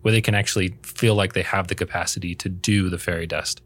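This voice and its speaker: A man's voice: low voice, steady tone, fast talker, fairly bright tone. A man co-hosting a podcast, asking the guest thoughtful follow-up questions. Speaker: podcast co-host.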